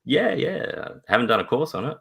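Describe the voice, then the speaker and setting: A man's voice: big pitch swings, a little fast, a bit bright. A man, a father, telling a story in a live video-call interview, laughing often and acting out voices. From Australia. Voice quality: deep gravelly voice. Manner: laughs often, acts out voices in his stories.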